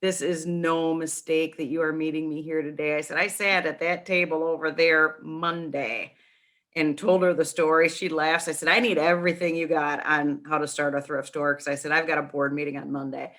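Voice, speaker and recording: A middle-aged woman tells a long story in a casual interview, full of restarts and quoted back-and-forth. Her voice is bright and forward, set slightly low for a woman. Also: normal speed. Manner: chatty, animated storytelling with many restarts. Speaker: guest, nonprofit founder.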